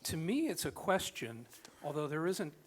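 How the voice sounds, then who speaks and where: A man's voice: a little high, sing-song, moderate pace, slight background noise. A man in the audience hesitantly asking the panel a question. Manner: hesitant, with many ums.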